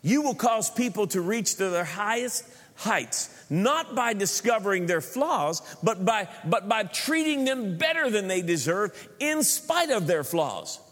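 A man's voice: sits high, very animated, unhurried, a bit bright. A middle-aged male preacher giving a joking sermon, often repeating words as he builds his points to a congregation. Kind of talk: sermon with humor. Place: large church hall. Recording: long hall reverb.

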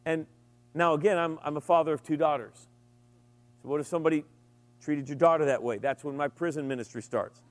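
A middle-aged man preaching a sermon, animated and humorous, with sudden emphatic rises. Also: a little high, fairly quick. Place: large hall with an audience. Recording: long reverb from a large room.

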